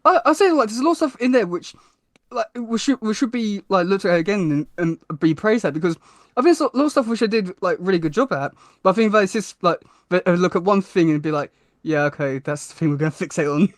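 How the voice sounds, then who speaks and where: A man's voice: high voice, animated, quick pace, dry recording, studio quality. A young man with a British accent, a podcast guest chatting casually, hesitant with many fillers and restarts. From Britain.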